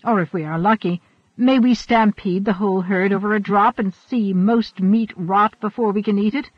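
A man reading the part of a bold, boastful young hunt leader in an audiobook, speaking loudly and defiantly. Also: high-pitched, a little slow, no room sound. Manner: loud, emphatic, defiant. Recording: dull, dry recording.

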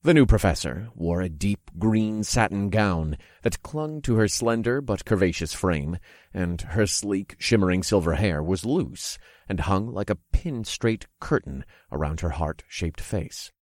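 Deep-voiced male story narrator. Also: lively intonation, unhurried, a little mellow, no echo, studio quality. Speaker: first-person narrator.

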